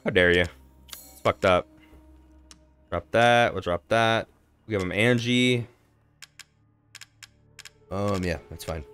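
Male let's-play host, low-pitched, swears freely while narrating his game. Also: slow, long pauses, fairly bright tone, clear, resonant tone, faint music behind. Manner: casual, profane, talks to himself while playing. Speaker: gaming channel host.

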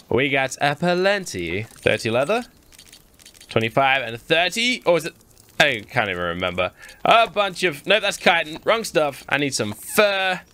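A young Australian man giving chatty, excitable Let's Play commentary as a gaming YouTuber, talking straight to his viewers. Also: a little high.

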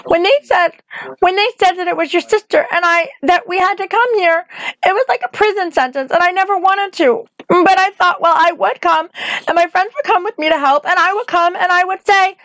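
A woman reading aloud, voicing a frightened, remorseful young girl who pleads in a high, breathless voice. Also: brisk, fairly bright tone, no echo, poor audio. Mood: pleading.

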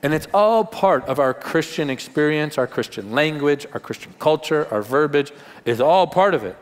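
A pastor with a voice on the high side preaches a live Sunday sermon, expressive and at a moderate pace. His style is conversational, emphatic, and wryly funny. The large church auditorium gives the sound a long hall reverb.

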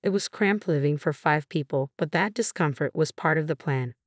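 A woman narrates a first-person story in a steady, even reading. Her voice sits low, and the recording is dry and close with no room echo. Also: moderate pace.

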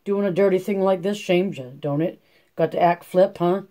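A man's voice: sits high, moderate pace, mellow, close to an everyday voice. A man voicing a weary, stern poor farm mother, speaking in a rural drawl. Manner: rural drawl, firm but tired.

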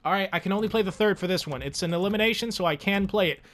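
A young man giving live commentary over his own hockey video game, swinging between loud frustrated outbursts and quiet muttering, swearing often. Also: high-pitched, rapid-fire. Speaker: gaming channel host.

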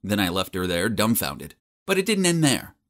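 Young male narrator, self-deprecating and wry, very lively pitch. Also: normal speed. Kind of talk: storytelling narration.

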